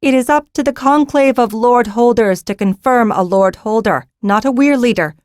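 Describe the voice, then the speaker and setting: A woman's voice: on the high side, moderate pace, dry recording, clean studio sound, voice pushed up, natural voice. Stern, commanding young noblewoman in an audiobook, raised and firm, read by a woman. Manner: stern, authoritative. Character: commanding young noblewoman taking charge of a hold.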